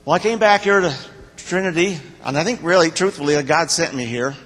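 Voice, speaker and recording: An older man giving a personal testimony to a church congregation, speaking in a plain, halting, heartfelt way. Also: fairly high pitch, fairly bright tone, soft background music. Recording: long reverb of a church hall.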